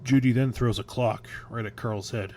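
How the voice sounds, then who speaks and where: A man's voice: mid-range voice, steady tone, moderate pace, darkish tone, a little hiss or hum. A man narrating a horror story in a casual, crude way, with nervous restarts. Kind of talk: creepypasta storytelling.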